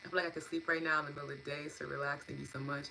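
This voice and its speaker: A deep-toned woman winds down her live wellness stream, warm and effusive. She reads out viewers' comments and thanks them, laughing easily between her words. A faint hiss sits under her voice. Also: flat delivery, rapid-fire, vocal fry, poor audio. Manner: warm, gushing, laughs often, lots of fillers. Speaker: EFT and meditation host. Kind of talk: live-stream wrap-up, reading chat comments.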